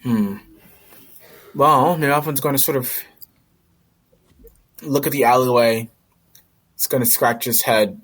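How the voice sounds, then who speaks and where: A man's voice: medium pitch, unhurried, long pauses, fairly bright tone. A man playing a tabletop game, casually describing what his character does and joking along. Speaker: player. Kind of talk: casual tabletop role-play.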